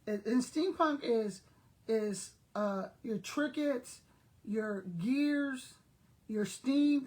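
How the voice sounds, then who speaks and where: An older woman with a husky voice tells rambling stories straight to her viewers. She is chatty and laughs often, and she keeps pulling the audience into the conversation. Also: fairly high pitch, darkish tone, low-quality recording. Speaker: online seller and vlogger. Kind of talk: casual storytelling to viewers.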